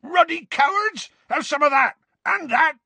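A man's voice: extremely high pitch, lively intonation, measured pace, pushed and bright, no echo, pitched above the performer's own voice, full character voice. A man voicing a huge, furious half-giant gamekeeper who bellows his lines, in a storybook reading. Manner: roaring, bellowing.

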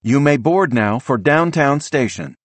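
A man's voice: medium pitch, expressive, unhurried, dry recording, voice pushed up. A man voicing an urgent computerized female train announcer, with clipped automated countdowns and instructions.

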